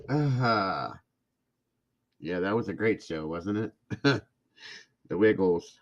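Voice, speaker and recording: A man's voice: lowish voice, big pitch swings, slow pace, vocal fry, pauses often, fairly bright tone, lo-fi sound. A middle-aged man hosting a casual live stream, chatting with viewers and often breaking into laughing fits. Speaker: livestream host chatting with viewers.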